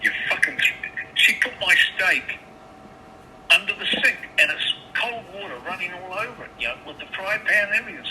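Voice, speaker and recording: A man's voice: a little high, sharp tone. A man on a phone call, swearing often and stammering through restarts as he tells his side. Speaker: caller. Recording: phone line with background noise.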